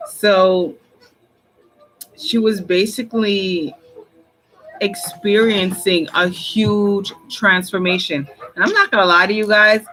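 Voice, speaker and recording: Slow-talking woman chatting loosely to viewers. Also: mid-range voice, fairly even intonation, a bit bright, poor audio. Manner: rambling, repeats "like", laughs often. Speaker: intuitive reader and channel host. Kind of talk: casual chat to viewers.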